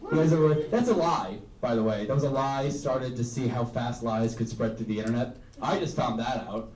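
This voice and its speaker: A man's voice: mid-range voice, moderate pace, darkish tone. A young man doing a stand-up comedy set, rambling and self-deprecating, full of "um" and "like". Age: young adult. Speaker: student stand-up comic. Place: live comedy room with audience. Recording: roomy, distant live recording.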